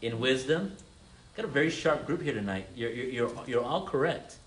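A male pastor gives an interactive sermon, asking his congregation questions and echoing their replies back. His voice sits at an ordinary middle pitch, with frequent stammered restarts, and a faint hiss sits under the recording. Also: expressive, normal speed, a bit bright. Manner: calls on listeners, repeats their answers, frequent stammered restarts.

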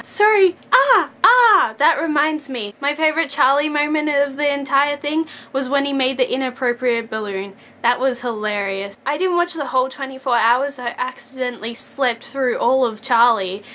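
A young woman with a high, light voice chatters into her camera at home. She rambles and gushes, then laughs at herself, in a casual fan vlog. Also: moderate pace, few pauses. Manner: rambling and excitable, jumps between gushing and self-mocking. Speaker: vlogger.

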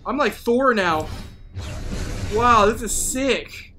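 Excitable gamer guy whooping and taunting. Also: very high-pitched, slow. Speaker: gaming channel host. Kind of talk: live gameplay commentary.

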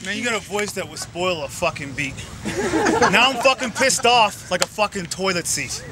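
Taunting high-voiced man rapping outdoors. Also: moderate pace, over a noisy crowd, very noisy. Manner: aggressive, taunting, profane rhyming. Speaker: battle rapper. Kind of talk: freestyle rap battle. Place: outdoor park event.

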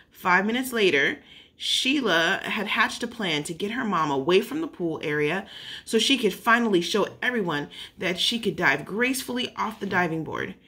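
A woman's voice: medium pitch, a bit bright. A woman reading a children's story aloud, unpolished, with occasional slips and self-corrections. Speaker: narrator.

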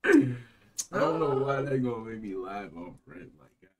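A man's voice: medium pitch, animated, measured pace. A young man co-hosting a reaction show in casual hype chat, slangy and full of repeated catchphrases. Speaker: co-host of a reaction channel.

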